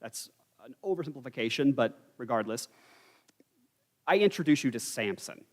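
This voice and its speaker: A man's voice: mid-range voice, lively intonation, normal speed. A man leading an evening Bible study, teaching in a conversational way with wry asides and dry humor. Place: church hall. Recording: church live stream with long hall reverb.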